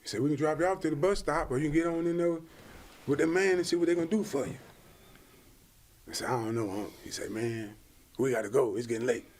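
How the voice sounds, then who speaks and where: A man in his thirties with a fairly high voice tells a story in casual podcast chat. He acts out the people in it and laughs often. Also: expressive, fast talker, long pauses, a little hiss or hum. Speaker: podcast guest, former football player.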